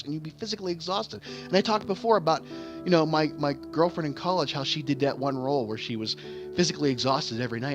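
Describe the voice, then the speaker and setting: A man who acts on stage, talking candidly in a rambling way, often repeating words and restarting. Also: mid-range voice. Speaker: vlogger and stage actor. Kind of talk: candid casual monologue. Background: game music playing.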